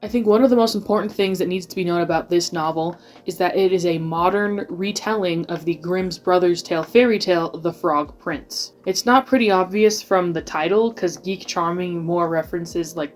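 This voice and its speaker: A woman's voice: lowish voice, normal speed, hardly any pauses. A woman giving a rambling, casual video essay, full of filler words.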